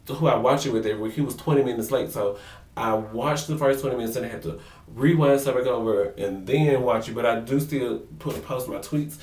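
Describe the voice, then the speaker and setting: Male vlogger, gossipy and sassy, middle pitch, echoey room sound. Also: recorded from a distance. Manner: sassy, gossipy, animated impressions. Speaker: vlogger recapping a reality show. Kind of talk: casual chatty recap. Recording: roomy echo, a bit off-mic.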